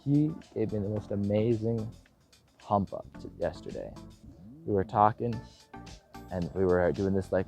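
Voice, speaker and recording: Young missionary guy doing a chatty vlog update, lowish voice, acts out every quote, jokes at his own expense. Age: young adult. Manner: animated storyteller, self-deprecating, acts out quotes. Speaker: missionary in training.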